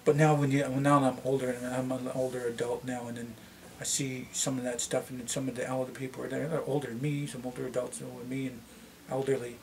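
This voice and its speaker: A middle-aged man with a Canadian accent and a slightly deep voice, chatting casually to camera and rambling with many restarts. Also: flat delivery, fast talker, creaky, few pauses, a little hiss or hum. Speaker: vlogger.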